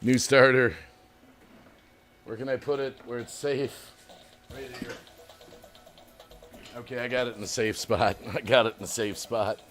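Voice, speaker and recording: A man's voice: medium pitch, fairly even intonation, measured pace, long pauses. A man hosting a casual livestream, reading viewer comments aloud, chatting and laughing often. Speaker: livestream host.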